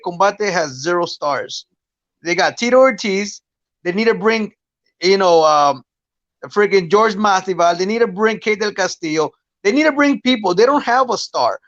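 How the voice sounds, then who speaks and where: A man's voice: high-pitched, a bit bright, no room sound, muffled recording. A man, a guest fighter, chatting bluntly and profanely on a podcast, rambling through his points. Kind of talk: casual podcast chat.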